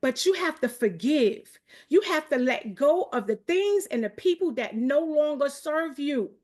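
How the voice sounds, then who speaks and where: A high-pitched woman from New York, speaking with a New York accent, leads a live online accountability session. Her talk races along with hype and energy, and she's always calling out to the people watching.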